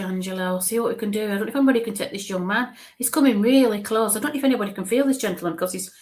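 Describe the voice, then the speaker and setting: A woman working as a medium on a live reading, her voice sitting at an ordinary middle pitch. She talks in a halting, repetitive way, drawing names out slowly and dropping into soft murmured asides. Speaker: spiritualist medium.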